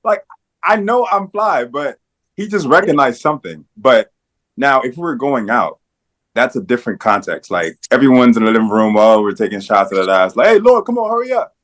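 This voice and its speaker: A man of middle pitch talking loosely on a podcast. He rambles and hesitates, and drops into quick impressions of his friends. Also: a bit bright. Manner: rambling, hesitant, full of acted-out quotes. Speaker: podcast co-host. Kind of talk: casual chat.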